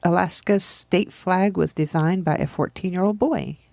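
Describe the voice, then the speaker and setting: A woman's voice: fairly low pitch, normal speed, creaky, warm tone, no room sound. A woman co-hosting a podcast, rambling through fun facts in a chatty, giggly way. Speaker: podcast co-host. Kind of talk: casual chat.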